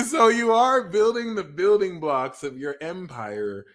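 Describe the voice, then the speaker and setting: A man giving a casual livestream tarot and astrology reading, excitable and profane, teasing his viewers and swinging into loud outbursts. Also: high-pitched, slow pace, long pauses.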